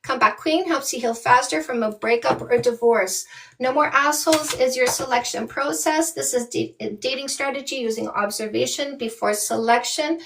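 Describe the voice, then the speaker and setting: Blunt, high-voiced woman on a live stream. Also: moderate pace, vocal fry, far from the mic. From Canada. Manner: blunt and animated, addressing viewers as "my loves". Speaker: dating coach. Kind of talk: casual live-stream chat.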